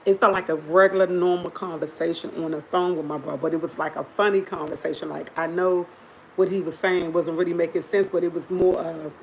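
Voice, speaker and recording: Woman chatting on a live stream, lowish voice, laughs a lot, sips coffee while she talks. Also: brisk, a little hiss or hum, poor audio. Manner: animated, laughs often, talks to viewers; drinks coffee while talking. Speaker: livestream host. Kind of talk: casual storytelling to viewers.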